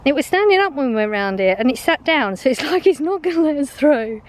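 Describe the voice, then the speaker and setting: A woman's voice: sits high, expressive, a little fast. Chatty woman walking her dogs outdoors. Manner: chatty, rambling, laughs often. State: slightly out of breath from walking. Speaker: vlogger. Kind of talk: rambling chatty vlog on a dog walk. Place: outdoors on a walk.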